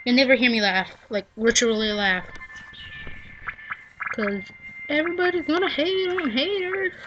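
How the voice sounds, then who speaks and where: A woman's voice: high-pitched, moderate pace, dull audio, noisy background. A young girl rambling through casual, self-mocking gameplay commentary, easily sidetracked. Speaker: game vlogger. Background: loud game music.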